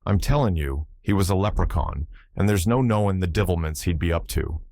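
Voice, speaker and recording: A man voicing a superstitious old sailor with an Irish accent, telling a tale in a lilting, animated way. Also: sits low, a little fast, no echo, clean studio sound. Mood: storytelling. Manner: yarn-spinning, lilting, animated.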